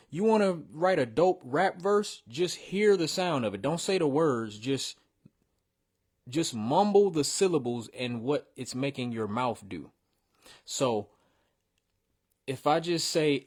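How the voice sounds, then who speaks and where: A man's voice: medium pitch, expressive, moderate pace. A man hosting a casual show, bluntly critiquing viewers' rap verses with slang and swearing.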